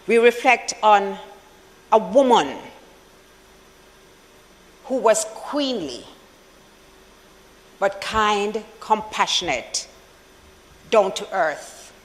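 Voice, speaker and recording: A senator with a Jamaican accent giving a formal tribute speech for the opposition in parliament, measured and solemn, with deliberate pauses. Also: medium pitch, lively intonation, in a large hall, rough recording. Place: senate chamber.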